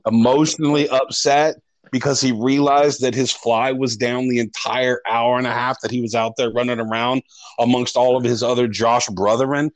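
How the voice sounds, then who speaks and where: A man's voice: medium pitch, fairly even intonation, moderate pace, no room sound, poor audio. A man co-hosting a podcast, telling a long rambling story with lots of swearing and restarts. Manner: rambling, profane, restarts often. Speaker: podcast co-host. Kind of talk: casual storytelling chat.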